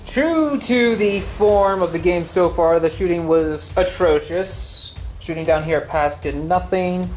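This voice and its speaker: A man's voice: high voice, unhurried, few pauses, a little mellow, faint music behind. A man narrating a tabletop wargame battle report, giving a dry, wry play-by-play of each move. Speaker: wargame player.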